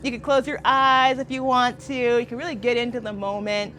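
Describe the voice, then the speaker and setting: A woman's voice: a little high, little pitch movement, brisk, hardly any pauses, a bit bright, slight background noise. Upbeat woman teaching outdoors. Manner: upbeat, playful, laughs often. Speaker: community educator leading a workshop. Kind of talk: friendly workshop instruction.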